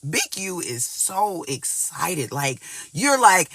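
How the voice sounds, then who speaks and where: A man with a high, very bright voice gives a casual tarot reading to his viewers. He talks in an animated rush, swears often and circles back over his own words. The sound is close and dry. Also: takes it slowly, vocal fry, slightly rough, no room sound. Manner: animated, cursing, repeats words and phrases. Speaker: tarot reader.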